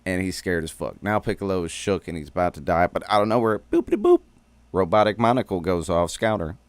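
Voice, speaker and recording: A man's voice: sits low, fast talker, clear, resonant tone, no echo. A man streaming a casual, rambling recap of a cartoon episode, full of slang and swearing.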